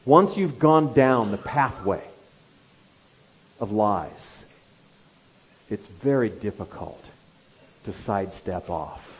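A man's voice: fairly low pitch, expressive, slow, pauses often, breathy edge, rough recording. A man preaching an expository sermon, telling the story with animation and acting out the quoted lines.

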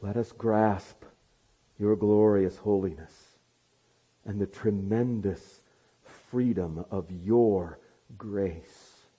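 A male pastor preaching a sermon, moving from quiet asides to loud, fervent proclamation. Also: lowish voice, fairly even intonation, drawn-out words, breathy edge, muffled recording.

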